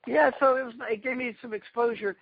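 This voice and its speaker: A man being interviewed, telling excited stories about past fights and acting out quotes. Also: extremely high pitch, brisk, gravelly, slightly rough, no echo, narrow, tinny audio. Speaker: guest, karate fighter. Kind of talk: animated storytelling interview.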